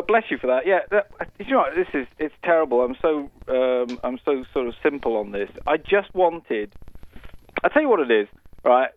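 A man's voice: medium pitch, no room sound. A Welsh film director, a man, chatting in a self-deprecating way as a radio guest on the phone, laughing often. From Wales. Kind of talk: casual radio interview over the phone. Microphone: phone call. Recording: muffled phone line, dry.

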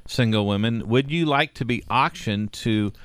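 A man's voice: medium pitch, no echo. A man hosting a radio show from a studio microphone, joking and teasing his co-hosts with a ready laugh. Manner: jokey, teasing, quick to laugh. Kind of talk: casual radio banter.

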